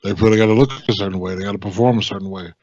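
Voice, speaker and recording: A man co-hosting a podcast who speaks in a reflective, measured way. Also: lowish voice, steady tone, a little mellow, dull audio. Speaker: podcast co-host, wrestler. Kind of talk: casual podcast chat.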